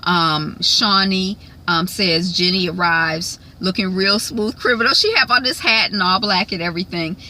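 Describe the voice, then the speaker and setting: A woman's voice: on the low side, normal speed, hardly any pauses, pushed and bright, rough recording. A woman casually recapping a reality TV episode, chatty with lots of ums and frequent laughs. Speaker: recap vlogger.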